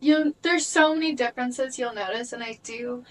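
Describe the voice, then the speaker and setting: A woman's voice: fairly high pitch, moderate pace, recorded from a distance, rough recording. A young woman co-hosting a podcast, chatting casually and frankly, full of "like" and the odd swear. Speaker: podcast co-host. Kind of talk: casual chat.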